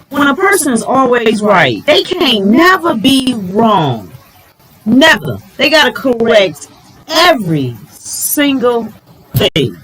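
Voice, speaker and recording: A middle-aged woman talks to her viewers in a casual advice vlog, full of exclamations and asides. Her pitch leaps up and down constantly as she makes her points. A faint hiss of noise sits under her voice. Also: low-quality recording. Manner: animated, exclaiming, addresses viewers as y'all. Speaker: vlogger giving relationship advice. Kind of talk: casual advice talk to camera.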